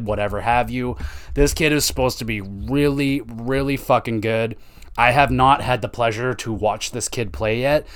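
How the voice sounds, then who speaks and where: Young male solo podcast host, mid-pitched, swears constantly, rambles excitedly. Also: smooth. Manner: profane, rambling and excitable, with lots of slang filler. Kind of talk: casual solo podcast rant.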